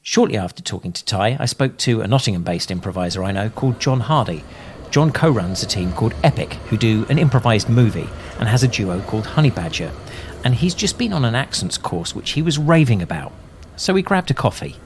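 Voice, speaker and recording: A man's voice: lowish voice, animated, fairly quick, noisy background. A man hosting a podcast, narrating between clips and asking friendly, curious questions. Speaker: podcast host.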